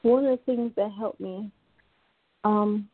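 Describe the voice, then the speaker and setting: A woman author, a guest on a radio interview, speaking haltingly with many fillers and restarts. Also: medium pitch, fairly even intonation, faint music behind. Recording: tinny phone line.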